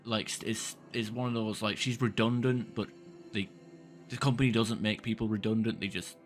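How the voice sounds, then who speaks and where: A man's voice: fairly low pitch, steady tone, moderate pace, soft background music. A man streaming a game, rambling casually and venting in frustration, with occasional swearing. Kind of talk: casual gameplay chat.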